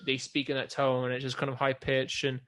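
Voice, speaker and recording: A man's voice: medium pitch, brisk. A young man co-hosting a podcast, telling stories in casual chat with plenty of swearing. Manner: animated storyteller, swears casually. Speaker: podcast co-host.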